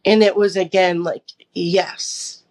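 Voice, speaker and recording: Woman, young adult, unhurried pace, storytelling interview guest, replays her own past words. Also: on the low side, fairly even intonation. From United States. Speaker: podcast guest. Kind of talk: personal testimony in an interview.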